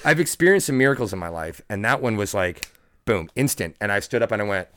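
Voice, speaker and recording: A man's voice: fairly low pitch, animated, fast, fairly bright tone. A man in his forties, a podcast guest, telling an earnest, reflective personal story in casual conversation. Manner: earnest, reflective, frequent restarts and "like".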